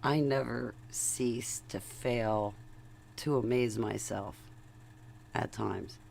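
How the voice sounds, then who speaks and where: A woman's voice: very deep voice, takes it slowly, creaky, darkish tone, slight background noise. A woman vlogging in a casual, rambling, digressive monologue, chatty and talking to her viewers. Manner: rambling, chatty, digressive, laughs between thoughts.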